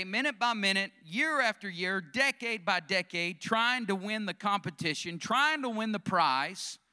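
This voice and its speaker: Throwing questions out for the congregation to answer back, this preacher gives his sermon in a high-pitched, bright voice.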